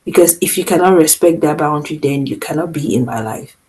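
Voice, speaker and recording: A woman's voice: deep voice, fairly quick, rough recording. Firm, emphatic woman podcaster. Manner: firm and emphatic, with lively swings in loudness. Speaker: podcast co-host. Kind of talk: casual podcast chat.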